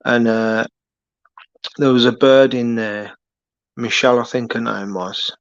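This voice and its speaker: A man with a Birmingham accent drifts through casual late-night live-stream chat at an unhurried crawl. He rambles, pauses and fills the gaps. His voice is gravelly, and the recording sounds dull and lo-fi. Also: medium pitch, steady tone, no echo. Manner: slow, rambling, halting with many fillers.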